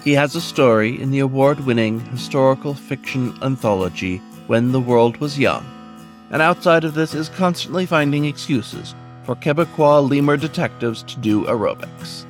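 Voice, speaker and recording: Earnest male host over soft guitar. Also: medium pitch, moderate pace. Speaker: podcast host. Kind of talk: scripted introduction.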